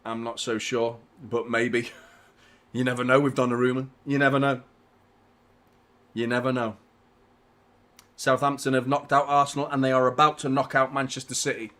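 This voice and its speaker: A man hosting a live football watchalong, talking casually to his audience, often swearing and getting loud and frustrated about the match. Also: mid-range voice, a little fast. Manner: ranting, swearing, frustrated, shouting when excited. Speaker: football channel host.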